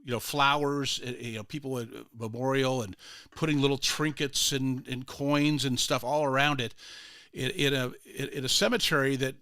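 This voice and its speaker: A man's voice: mid-range voice, fairly even intonation, normal speed, pushed and bright, clear, resonant tone, no echo, clean studio sound. An older man hosting a morning radio show, telling a rambling story full of restarts and fillers. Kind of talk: casual radio chat.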